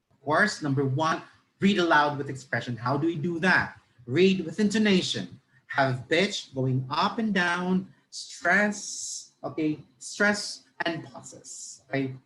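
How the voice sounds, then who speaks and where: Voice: medium pitch, fairly bright tone, a little hiss or hum. A teacher from the Philippines with a Filipino accent, giving a live online lecture. The speaker switches between English and Tagalog and stresses key words. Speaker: teacher trainer.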